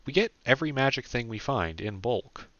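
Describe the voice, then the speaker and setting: A man's voice: mid-range voice, lively intonation, normal speed, fairly bright tone, no room sound, highs cut off, pitched above the performer's own voice, lightly acted. A man voicing a wry, easygoing young guy. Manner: joking, offhand.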